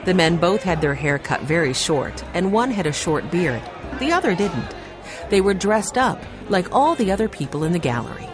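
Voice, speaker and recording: A woman reading a children's mystery aloud as an audiobook narrator, in a calm, even storytelling manner. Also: fairly low pitch, moderate pace. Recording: background music under narration.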